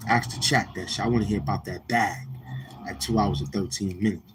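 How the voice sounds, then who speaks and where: Brash low-voiced New York man. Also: fairly even intonation, a little fast, noisy background. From Queens, New York. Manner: brash, profane, confrontational. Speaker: livestream host. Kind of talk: casual livestream chat with viewers.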